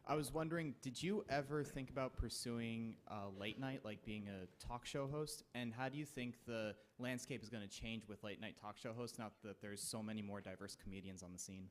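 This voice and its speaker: A man's voice: medium pitch, fairly quick, few pauses. A young man, a student in the audience, politely asking a question at a talk. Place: lecture hall audience.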